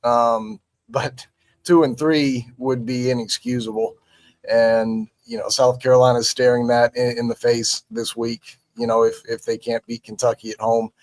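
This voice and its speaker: A man's voice: medium pitch, fairly even intonation, no echo. A man, casually analyzing football with lots of restarts and fillers. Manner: halting, many restarts and fillers. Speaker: sports analyst. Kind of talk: casual sports talk.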